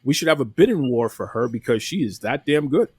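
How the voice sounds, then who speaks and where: A man's voice: mid-range voice, expressive, a little fast, a little mellow, slightly rough. A man hosting a casual wrestling podcast, talking with enthusiasm and often repeating phrases. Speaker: podcast host.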